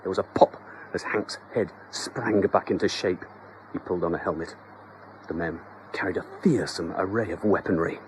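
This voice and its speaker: A man narrating a children's story in a scripted, expressive, comic storytelling manner. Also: low voice, moderate pace, noisy background.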